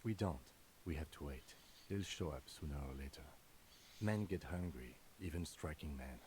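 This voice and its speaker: A man voicing a calm, methodical police partner in a measured, quiet delivery. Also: very deep voice, a little hiss or hum.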